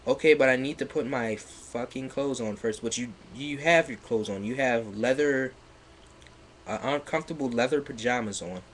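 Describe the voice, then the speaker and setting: A man on a livestream reading fan fiction aloud in a mocking dramatic way, sarcastic, with loud outbursts and laughter, sounding a bit stuffy. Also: mid-range voice, normal speed, slight background noise. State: slightly stuffy.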